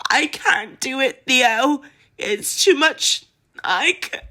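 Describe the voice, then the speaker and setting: A woman doing a shrill, enraged young woman. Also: expressive, takes it slowly, pushed and bright, heavily acted. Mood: sobbing. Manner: shrill, cries out in anger and despair. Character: grieving, furious young woman.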